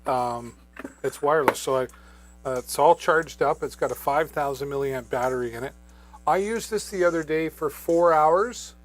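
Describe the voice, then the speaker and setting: A man's voice: mid-range voice, slight background noise. Chatty man hosting a live shopping demo. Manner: casual, chatty, many fillers. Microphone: wireless microphone.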